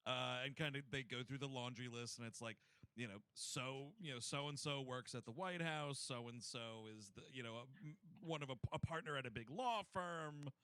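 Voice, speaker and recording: A man's voice: medium pitch, moderate pace, pushed and bright, smooth, dry recording. A man in casual conversation, animatedly recapping a film scene by scene, peppering his talk with "like" and swearing. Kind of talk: casual film-discussion chat.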